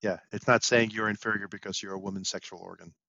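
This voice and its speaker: A man in his fifties co-hosting a podcast, telling lively anecdotes in casual chat. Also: lowish voice, fast, creaky, crowd noise. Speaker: podcast co-host. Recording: dull, dry lo-fi podcast mic.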